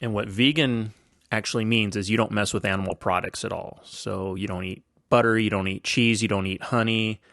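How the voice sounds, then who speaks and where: Gravelly older American man storytelling. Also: fairly low pitch, steady tone, brisk, fairly bright tone, no echo, clean studio sound. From United States. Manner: enthusiastic, chatty, lots of fillers. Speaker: podcast host. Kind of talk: casual storytelling.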